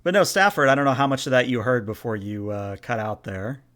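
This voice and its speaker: A man's voice: mid-range voice, a little fast. Guy gm'ing a star trek game on a call, chatty and easygoing, mid-range voice. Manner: relaxed, explains rules and scenes in a chatty way. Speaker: game master. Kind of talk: narrating a tabletop game over a video call.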